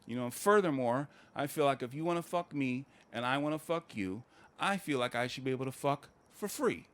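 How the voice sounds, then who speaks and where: A man performing a stand-up comedy set, telling stories in a conversational, deadpan way. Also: mid-range voice, a little fast, a little hiss or hum. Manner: conversational, deadpan storytelling with acted quotes.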